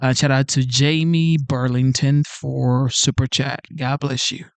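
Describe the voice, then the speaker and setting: A man's voice: medium pitch, flat delivery, measured pace, creaky, no echo. A man hosting a live stream, reading viewer messages aloud and talking earnestly and emotionally, repeating himself. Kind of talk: casual live-stream chat reading super chats.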